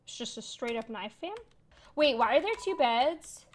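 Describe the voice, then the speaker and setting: In this casual gaming commentary, a woman with an expressive, higher-pitched voice talks at a moderate pace. She plays a let's play, reads game text aloud over the music, jokes around, and calls viewers "fam." There's a slight hiss or hum.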